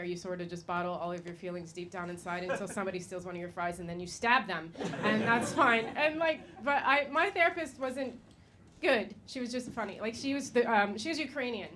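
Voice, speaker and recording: An American woman in her thirties doing a stand-up comedy set, chatty and full of fillers, laughing at her own jokes. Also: mid-range voice. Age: 30s. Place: comedy stage. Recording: noisy live stage recording.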